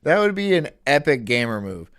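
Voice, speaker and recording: A man's voice: medium pitch, very animated, moderate pace, fairly bright tone. A man streaming in casual chat, ranting in an incredulous, profane way.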